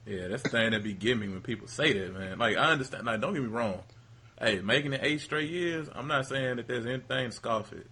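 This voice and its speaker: Laid-back husky man chatting sports. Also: mid-range voice, sharp tone. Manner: laid-back, quick agreeing interjections. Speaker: podcast co-host. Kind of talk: casual sports chat.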